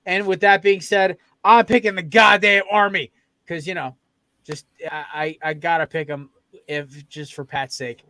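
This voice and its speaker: A man with a high-pitched voice leads a casual sports-betting chat as host. He rants with profanity and gets fired up about his picks. His voice sounds dry and close to the mic. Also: flat delivery, unhurried, sharp tone, no room sound. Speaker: podcast host.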